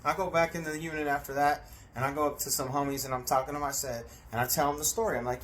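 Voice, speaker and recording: A man telling a story in a casual, animated way, acting out voices and sound effects and swearing freely. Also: on the high side, racing, hardly any pauses, slight background noise.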